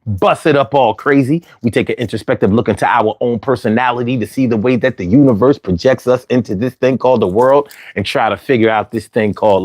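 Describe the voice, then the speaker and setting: A man's voice: medium pitch, no echo, studio quality. A man hosting a call-in talk show, talking with lots of repetition and street slang. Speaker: host.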